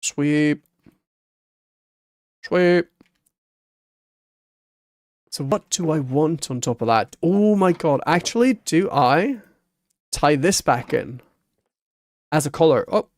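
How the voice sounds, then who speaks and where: Slow, muttering man narrating his gameplay. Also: animated, gravelly, no echo, clean studio sound. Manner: muttering to himself, humming sound effects like boom and ba ba ba. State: hiccuping. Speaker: Minecraft streamer. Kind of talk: casual gameplay commentary.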